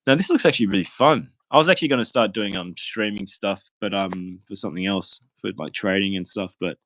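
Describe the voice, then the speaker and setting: A man's voice: fairly low pitch, brisk, a bit bright, rough recording. Rambling man telling stories. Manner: loose, rambling, lots of fillers and laughs. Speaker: guest on a live stream. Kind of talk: casual swearing storytelling.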